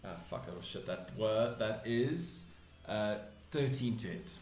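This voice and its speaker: Halting male game master, echoey room. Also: lowish voice, expressive, a little mellow, faint music behind. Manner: halting, full of restarts and self-corrections. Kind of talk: narrating a tabletop game.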